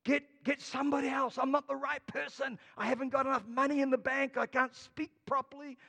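Reluctant protesting old prophet, higher voice, hall echo, a man putting him on. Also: little pitch movement, fairly quick, vocal fry, pushed and bright, exaggerated voice. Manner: pleading, protesting. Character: reluctant, excuse-making old male prophet.

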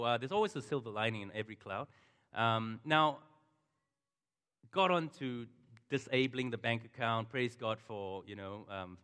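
In a church hall whose large space leaves a long reverb, a middle-aged pastor preaches, recounting a personal story conversationally and turning to the congregation for asides. His voice is lowish with a fairly bright tone.

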